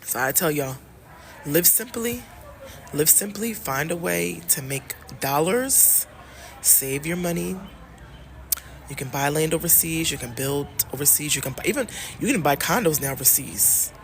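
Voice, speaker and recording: A woman from the United States chatting casually in a travel vlog, animated and emphatic, repeating phrases and talking straight to her viewers. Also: low voice, measured pace, a little hiss or hum. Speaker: travel vlogger and love coach.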